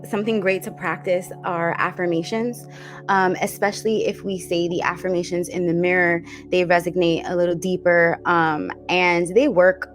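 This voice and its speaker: A woman hosting a dream interpretation show, speaking gently and emotionally, slowly repeating comforting affirmations. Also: on the low side, level tone, faint music behind. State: emotional, teary. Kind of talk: warm encouraging talk show chat.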